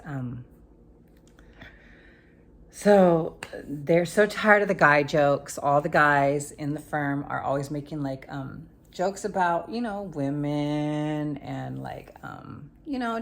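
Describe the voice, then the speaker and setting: Low-voiced woman recapping a show, slangy. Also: takes it slowly. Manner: rambling and slangy, with many fillers. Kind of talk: casual spoken show recap.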